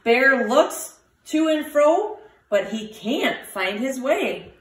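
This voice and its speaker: A woman teacher reading a picture book aloud to children, with lively voices for the animals. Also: sits high, slow pace, distant mic. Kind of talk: storybook read-aloud for children. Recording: roomy, from the mic.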